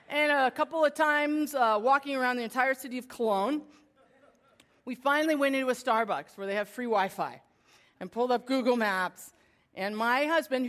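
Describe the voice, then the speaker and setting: A woman in her forties telling a self-deprecating personal story to an audience, shifting between lively and hushed. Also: sits high. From United States. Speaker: speaker addressing an audience.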